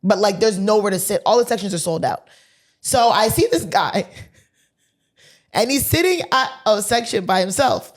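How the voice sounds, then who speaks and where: A woman co-hosting a podcast who tells a story in casual chat, animated, swearing freely and acting out the dialogue. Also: mid-range voice, moderate pace. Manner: animated, swears freely, laughs mid-sentence; acts out quoted dialogue. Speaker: podcast co-host.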